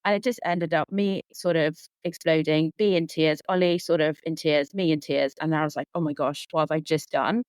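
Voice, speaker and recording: A woman's voice: low voice, steady tone, moderate pace, hardly any pauses, darkish tone, no room sound. A woman in her thirties, a sleep consultant guest on a podcast, talking earnestly and rambling with lots of filler words. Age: 30s. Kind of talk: casual conversational interview.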